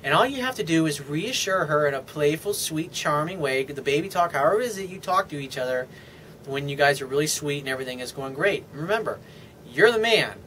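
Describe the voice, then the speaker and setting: Male dating coach, slightly high voice, blunt and profane, off-the-cuff monologue. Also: expressive, a little fast, fairly bright tone, slight background noise. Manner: blunt, profane, dismissive asides. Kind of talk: casual advice monologue.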